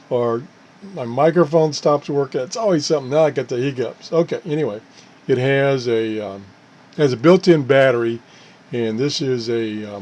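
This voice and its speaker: A man's voice: mid-range voice, a little mellow. A man hosting his own channel, talking casually and unscripted about a gadget, often correcting himself and chuckling at his own mishaps. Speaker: channel host reviewing gadgets. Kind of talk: casual unscripted product talk.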